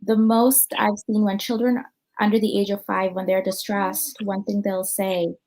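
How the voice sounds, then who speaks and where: A woman's voice: medium pitch, level tone, moderate pace, a little mellow, slight background noise, rough recording. Chatty American woman psychologist on a call. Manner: conversational, thinks aloud with many ums and you-knows. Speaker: clinical psychologist. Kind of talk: conference talk answering questions.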